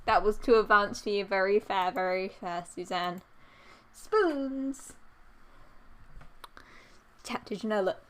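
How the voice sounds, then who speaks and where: A woman's voice: medium pitch, slow pace, long pauses. A young woman streaming live, chatting casually to her chat and repeating silly noises in a goofy, playful way.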